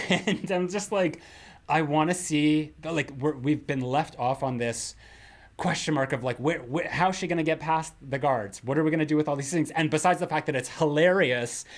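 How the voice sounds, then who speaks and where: A man's voice: fairly high pitch, a little fast. An American man co-hosting a podcast, talking in long rambling thoughts full of "like" and restarts. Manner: rambling, many fillers and restarts. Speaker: podcast co-host. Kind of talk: casual chat.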